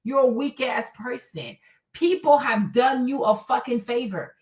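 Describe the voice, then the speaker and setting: A woman's voice: on the high side, a little slow. A woman hosting a stream, ranting bluntly and profanely, mocking whiners and urging faith. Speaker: host. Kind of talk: uncensored motivational rant. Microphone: streaming mic.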